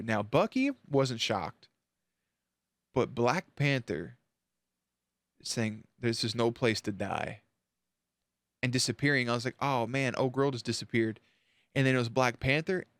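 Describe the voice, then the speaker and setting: A man's voice: medium pitch, a bit bright, no room sound. A man hosting a reaction channel tells his story to camera with open emotion and casual swearing. His voice sits in a middle register. The sound is dry and close-miked, with no room around it.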